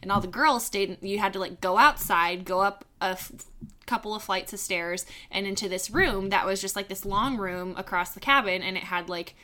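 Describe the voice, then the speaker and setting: A woman co-hosting a podcast, telling animated stories with frequent laughs and acted-out shrieks. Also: mid-range voice, moderate pace. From Pacific Northwest. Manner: animated storyteller, acts out shrieks and laughs often. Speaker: podcast co-host. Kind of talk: casual storytelling chat.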